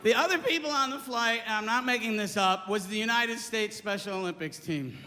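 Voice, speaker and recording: A man's voice: sits high, fairly quick. A man performing a stand-up comedy set on a stage before a live audience, with erratic, yelping outbursts. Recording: live hall with audience noise.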